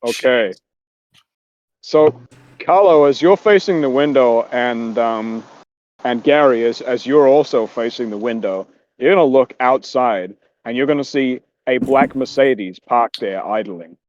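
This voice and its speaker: A man running a tabletop game as game master, calmly narrating the scene with a few fillers. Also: medium pitch, measured pace. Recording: dull lo-fi mic.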